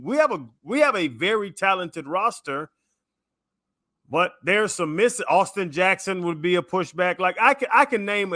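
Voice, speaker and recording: A man's voice: sits high, bright, forceful tone, dry recording, studio quality. A man co-hosting a sports radio show, arguing his opinions in a casual debate and rattling off lists of names. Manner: opinionated, lists names in quick runs, argues his point. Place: radio studio. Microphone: studio microphone.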